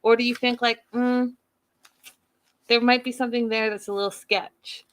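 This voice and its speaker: A woman's voice: on the high side, little pitch movement, normal speed, a bit bright. Chatty gossipy woman recapping a show. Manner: chatty, gossipy, playfully dramatic. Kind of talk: casual recap chat to viewers.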